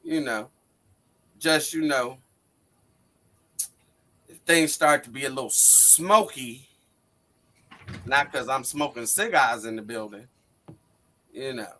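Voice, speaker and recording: A man's voice: mid-range voice, slow pace, pauses often, sharp tone. A man in his forties on a wrestling panel, bantering dramatically and preaching in a mock-wounded tone.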